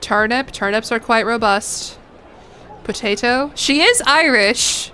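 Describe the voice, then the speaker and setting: A woman's voice: a little high, slow pace, pushed and bright, a little hiss or hum. A woman streaming a strategy game, chatting casually, reacting, laughing and swearing as she plays. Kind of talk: casual gameplay commentary.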